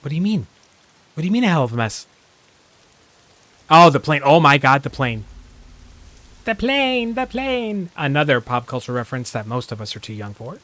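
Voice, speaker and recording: A man talks casually while streaming a game. His voice sits a little high and sounds crisp and bright. He rambles through his thoughts with plenty of filler words and yelps at sudden in-game scares. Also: big pitch swings, moderate pace, long pauses. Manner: rambling, heavy use of "like" fillers; jumpy, reacts loudly to in-game surprises. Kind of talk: casual gameplay commentary.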